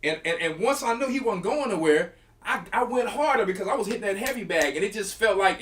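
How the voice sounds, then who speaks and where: Middle-aged man, storytelling, acts out punches with sounds, fairly high voice. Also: a little fast, slight background noise. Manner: animated, acts out quotes and punches with sound effects. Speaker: church elder. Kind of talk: storytelling in casual talk.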